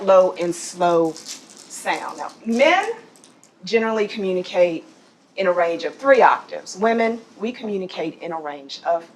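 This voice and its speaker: A woman's voice: mid-range voice, low-quality recording. Woman, voice coach, training session, questions to the group, frequent laughs. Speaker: voice and presence trainer. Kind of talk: corporate training workshop. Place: office training room.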